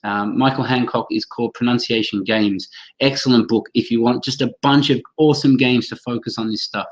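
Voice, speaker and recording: A man hosts a live webinar for teachers, talking with lively enthusiasm. He calls on attendees by name and models phrases aloud to demonstrate them. He sounds like he's speaking into a computer mic on a video call. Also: mid-range voice, fairly quick, poor audio. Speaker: teacher trainer hosting a webinar.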